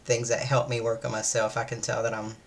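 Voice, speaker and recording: A woman's voice: a bass voice, level tone, brisk. A tired woman, chatting casually in a vlog, meandering and hesitant, with many fillers and restarts. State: weary, low-energy. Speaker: vlogger. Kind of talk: casual day-in-my-life chat.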